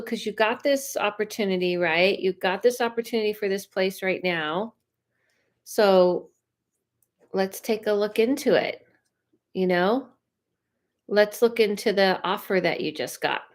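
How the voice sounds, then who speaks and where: A woman with a mid-range voice works as a psychic medium, chatting casually on a livestream and giving viewers quick readings in a rambling, talkative way.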